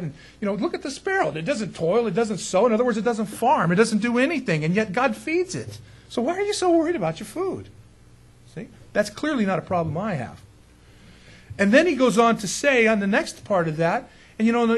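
Man, pastor, husky voice, high-pitched, casual joking sermon, emphatic questions. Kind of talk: conversational sermon.

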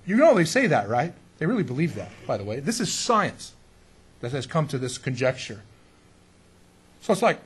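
Husky, animated middle-aged preacher. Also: male voice, on the high side, normal speed, pauses often. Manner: animated, sarcastic, folksy, rising to indignant outbursts. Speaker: pastor. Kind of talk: sermon.

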